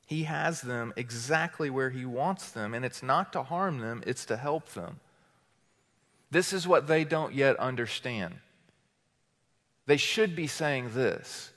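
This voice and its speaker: A man preaching as a teaching pastor, firing rhetorical questions at the congregation and swinging between loud declarations and quiet asides. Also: medium pitch, takes it slowly. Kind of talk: sermon. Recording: long hall reverb.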